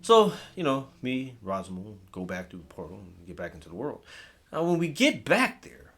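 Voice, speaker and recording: A man's voice: medium pitch, wildly swooping pitch, moderate pace, husky. A man telling a comedic scary story in a casual, rambling way with lots of swearing.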